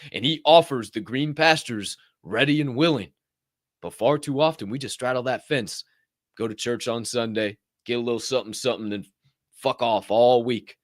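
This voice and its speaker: A man's voice: medium pitch, moderate pace, dry recording, clean studio sound. A man hosting a motivational podcast, talking intensely and preachily and swearing freely. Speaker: podcast host.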